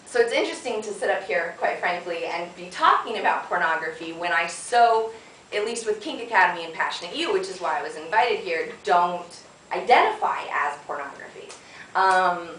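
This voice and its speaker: A woman's voice: lowish voice, pushed and bright, slight background noise. A woman giving a frank, chatty conference talk, laughing often and checking in with the audience. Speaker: conference presenter. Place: conference room. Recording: echoey room from a distance.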